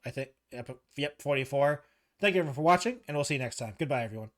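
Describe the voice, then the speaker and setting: A man's voice: mid-range voice, lively intonation, fast. Teasing man hosting a casual podcast. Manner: teasing, trails off quietly at phrase ends. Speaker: podcast host. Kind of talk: casual chat.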